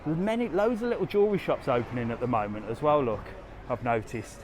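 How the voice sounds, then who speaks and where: He talks fast, with lively intonation and a mid-range voice that's a little mellow, and a little hiss or hum is audible. As a travel vlogger and live-stream host, he walks a resort street outdoors on a casual live tour, chatting easily, speaking to viewers directly and reading their comments aloud.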